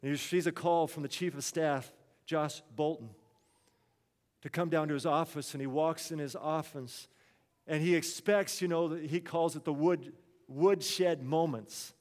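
A man's voice: a little high, steady tone, a little slow, darkish tone, big-room sound. A man preaching a sermon, telling a story in an earnest, conversational way.

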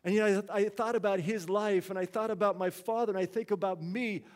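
A man's voice: high voice, steady tone, a little fast, long reverb tail. A man preaching a sermon, telling a story in an earnest, conversational way.

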